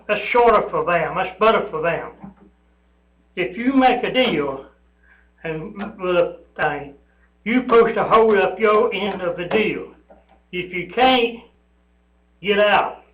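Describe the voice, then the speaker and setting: An older man making a rambling, aggrieved public comment at a county meeting, repeating himself as he goes. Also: high-pitched. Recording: echoey room, dull lo-fi sound.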